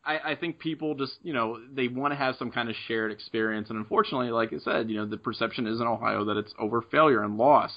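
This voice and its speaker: A man hosting a sports podcast who talks in a quick, easygoing, casual way. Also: medium pitch, highs cut off.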